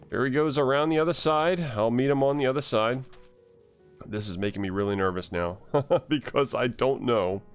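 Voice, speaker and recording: A man commentating his own gameplay in a mid-range voice, jumpy and easily rattled, fretting aloud and cheering small wins. He talks straight into a desk mic over a faint bed of music. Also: medium pitch. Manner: nervous, excitable, talks to himself and the game animals. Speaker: Minecraft let's player.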